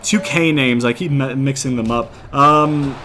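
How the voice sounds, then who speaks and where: A young man talks through his wrestling game in a loose, rambling way, leaning on fillers and slang. He swears casually as he explains his plans. His voice sits at an ordinary middle pitch. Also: a little slow, bright, forceful tone, slight background noise. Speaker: gaming commentator. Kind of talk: casual gameplay commentary.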